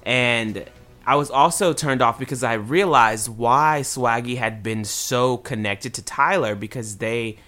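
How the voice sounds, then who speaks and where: A man's voice: medium pitch, measured pace, sharp tone, faint music behind. A man hosting a casual podcast, giving earnest, personal commentary. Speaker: podcast host. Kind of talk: casual chat.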